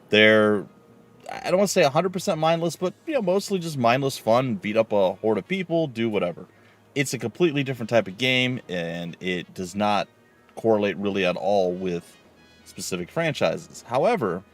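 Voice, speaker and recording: Man, game streamer, casual rambling talk, lowish voice, faint music in the background. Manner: rambling, many fillers and restarts. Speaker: let's play streamer. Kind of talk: casual live-stream commentary.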